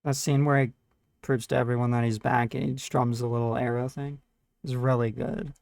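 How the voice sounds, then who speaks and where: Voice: medium pitch, flat delivery, moderate pace, gravelly, darkish tone, dry recording. A podcast co-host chatting casually about a movie, throwing in blunt, wisecracking asides with swearing. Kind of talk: casual movie review chat.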